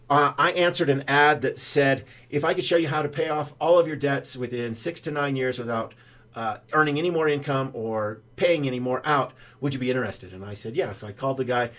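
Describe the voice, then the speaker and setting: A man's voice: medium pitch, a bit bright. An older man, a financial adviser, explaining in a folksy, rambling way with many ums and uhs. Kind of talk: casual explainer talk.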